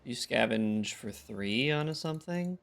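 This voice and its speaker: A man's voice: medium pitch, animated, a little slow, gravelly, fairly bright tone. A tired man giving casual, laid-back gameplay commentary, thinking aloud with a wry tone. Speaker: gaming content creator.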